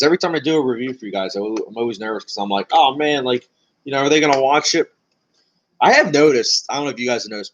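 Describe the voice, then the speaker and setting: Over dull-sounding audio, a young man's mid-range voice answers questions from viewers during a casual stream. His talk wanders, packed with fillers and laughs, and he describes himself as anxious, coming off nervous throughout.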